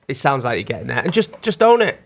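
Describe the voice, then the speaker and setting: Podcast co-host: man, 30s, gravelly, rambling chatty delivery. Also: mid-range voice, very animated, normal speed. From North West England. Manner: chatty and rambling, restarts often. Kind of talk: casual chat.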